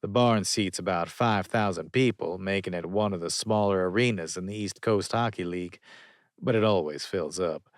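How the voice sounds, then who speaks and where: A man's voice: low voice, moderate pace, no echo, clean studio sound. A man narrating a romance audiobook in first person, wry and conversational.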